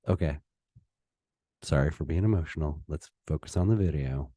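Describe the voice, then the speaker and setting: A man giving a heated solo opinion monologue as a political commentator, pausing and restarting as he gets worked up. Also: extremely low pitch, mellow, no echo, studio quality. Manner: impassioned, heated, with pauses and restarts.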